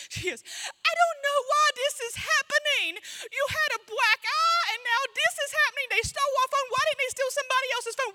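A woman's voice: a little high, sharp tone. A woman pastor telling a long story from the pulpit in a chatty, self-mocking way, full of asides. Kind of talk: storytelling sermon. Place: church.

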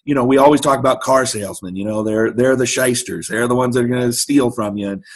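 A man's voice: mid-range voice, fast talker. A middle-aged man telling a story as a guest in an interview, acting out the voices of the people he quotes. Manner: animated anecdote-telling, acts out quoted voices. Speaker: guest speaker.

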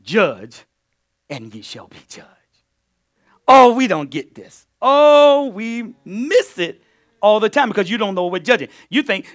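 Male pastor, sermon, high voice, very lively pitch, loud bursts and quiet asides. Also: measured pace. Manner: call-and-response preaching, swings between loud bursts and low asides.

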